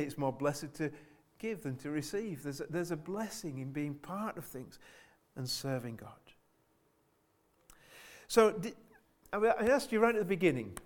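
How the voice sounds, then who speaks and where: A man delivers a church sermon in a fairly high voice. He speaks earnestly, circles back over his own phrases, and keeps checking in with the congregation through rhetorical questions. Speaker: preacher.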